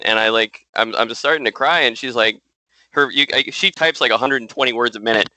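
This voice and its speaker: A man's voice: mid-range voice, a little fast, sharp tone, no echo, poor audio. A married man talking as a podcast guest in loose casual chat, telling a story with many "you know"s.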